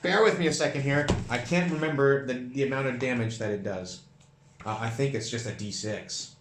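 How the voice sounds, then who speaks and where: A man running and narrating a solo tabletop game, counting dice rolls out loud in an animated way. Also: mid-range voice, normal speed, roomy sound, a little hiss or hum. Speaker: solo game master and player.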